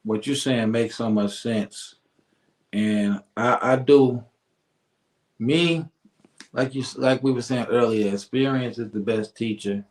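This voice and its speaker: Slow-talking man hosting a show. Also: medium pitch, fairly even intonation. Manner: slow, loose Southern slang, laughs often. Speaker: radio show host. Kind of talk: casual chat.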